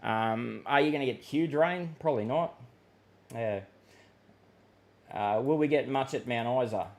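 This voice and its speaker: A man's voice: medium pitch, unhurried, darkish tone. A middle-aged Australian man hosting a live weather stream, chatting loosely with viewers and rambling through many fillers and restarts. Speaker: weather livestream host. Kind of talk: casual live chat reading viewer comments.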